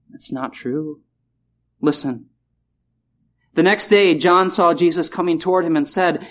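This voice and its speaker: A man preaching a sermon in a chapel, repeating key phrases and slowing down to stress words. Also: fairly high pitch.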